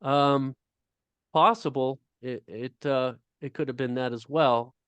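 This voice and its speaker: A middle-aged man, a guest author, talking casually on a video call, halting often with fillers. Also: medium pitch, fairly even intonation, smooth, no echo, muffled recording. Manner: halting storytelling with many fillers.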